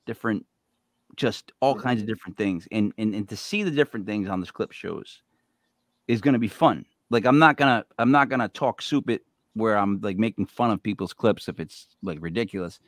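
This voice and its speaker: A man's voice: fairly low pitch, a little fast, no room sound, studio quality. A man from New England hosting a casual interview, rambling and chatty with many fillers and restarts. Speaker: show host.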